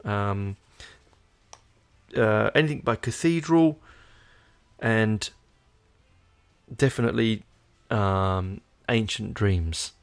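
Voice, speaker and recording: Aussie male host, tired, rambling and hesitant, low gravelly voice. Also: takes it slowly, pauses often. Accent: Australian. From Australia. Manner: rambling, hesitant, many fillers. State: tired, yawning. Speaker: podcast host. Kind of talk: casual chat to viewers.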